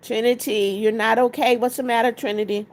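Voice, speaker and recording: Speaking a little fast in a level tone, this livestream host has a voice that sits a bit high. Throughout her casual stream she welcomes viewers one by one by name, reads out their comments, and repeatedly asks for likes.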